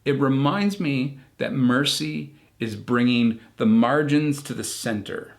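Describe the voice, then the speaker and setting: A man, a pastor, delivering a recorded online sermon in a measured, reflective way with emphatic pauses. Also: mid-range voice.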